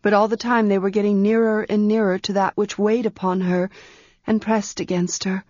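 A woman narrating a story in a measured, quiet storytelling manner. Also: mid-range voice, flat delivery, dry recording, muffled recording. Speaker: audiobook narrator.

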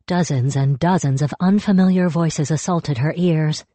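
A woman narrating a fantasy story in a measured, steady way, close to the mic. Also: low-pitched, no echo. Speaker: audiobook narrator. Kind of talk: scripted narration.

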